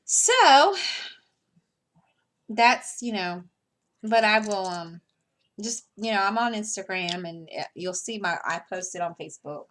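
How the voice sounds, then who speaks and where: Crafting vlogger, woman, mid-pitched voice; unhurried, meandering, full of fillers and little laughs. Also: lively intonation, a bit bright. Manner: rambling, hesitant, many fillers and restarts; chuckles between thoughts. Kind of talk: casual chat while crafting.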